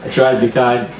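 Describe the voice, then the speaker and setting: A young comedian in his twenties performs open-mic stand-up in a small club, his set loose, rambling and full of profanity. His voice is medium-pitched and a little mellow, captured as distant, roomy sound.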